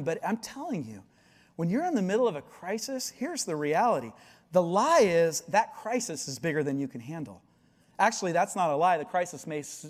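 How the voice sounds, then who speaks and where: A man's voice: a little high, long reverb tail. A male pastor delivering a sermon, earnest and often asking the congregation questions.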